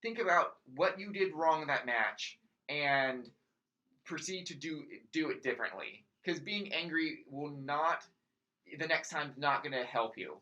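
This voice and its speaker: Man, podcast co-host, casual chat, bright tense voice, slightly high, animated restarts. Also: lo-fi sound. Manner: animated, talks in quick bursts with many restarts.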